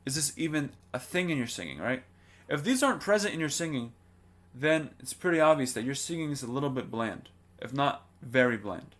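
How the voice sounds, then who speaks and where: A man's voice: medium pitch, animated, a little fast, fairly bright tone. Man teaching singing, keeps asking "right?". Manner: explanatory, often asks rhetorical "right?". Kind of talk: vocal lesson to camera.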